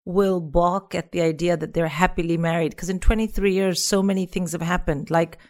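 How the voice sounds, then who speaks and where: A middle-aged woman with a soft, soothing voice, chatting reflectively as a podcast guest. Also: fairly low pitch, steady tone, normal speed. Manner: reflective, rambling with restarts. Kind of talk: casual chat.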